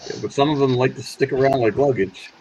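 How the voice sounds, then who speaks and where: A man's voice: medium pitch, fast talker, crowd noise, rough recording. A man cracking dry jokes and swearing in a streamed voice chat. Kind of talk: casual banter.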